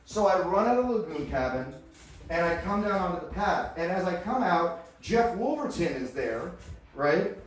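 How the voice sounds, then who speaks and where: A man's voice: high-pitched, big pitch swings, moderate pace. A man doing a playful, self-mocking stand-up set, often laughing through his own lines. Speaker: stand-up performer. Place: large hall with live audience. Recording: echoey hall, far from mic, live crowd.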